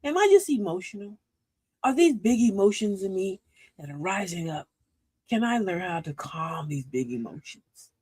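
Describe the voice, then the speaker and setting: A woman's voice: medium pitch, animated, normal speed, warm tone, breathy edge, dry recording. A woman hosting a live advice show, sassy and preachy, who laughs often and calls her listeners sis and queen. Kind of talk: livestream advice talk.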